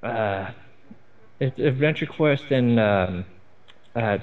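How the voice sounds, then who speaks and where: Man, dry sarcastic review chatter, muffled lo-fi mic, medium pitch. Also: expressive, slow. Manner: dry, sarcastic, rambling with fillers. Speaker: co-host reviewing a cartoon. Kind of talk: sarcastic commentary chat.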